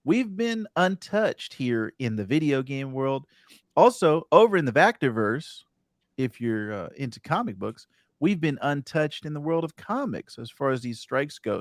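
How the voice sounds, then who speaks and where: A man hosting a gaming podcast, his voice rising and falling as he reads out news items. He has a middle pitch and a close, dry sound. He talks in a casual way. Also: no echo. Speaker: podcast host.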